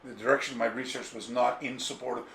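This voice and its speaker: A fast-talking man with a gravelly, medium-pitched voice, a karate author appearing as an interview guest, digresses cheerfully through a long anecdote and does impressions of the people in it. A little hiss or hum sits under the recording, made in an echoey room of his home with faint ambience.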